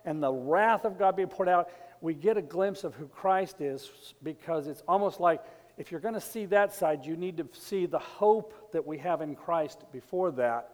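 A man's voice: high voice, a little mellow, in a large hall. A man preaching a conversational sermon, loose and rambling, full of asides and restarts. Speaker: pastor.

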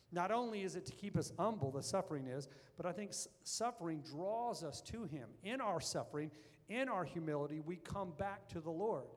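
A man preaching a sermon as pastor, earnest and building to fervent emphasis. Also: sits high. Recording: long reverb of a large hall.

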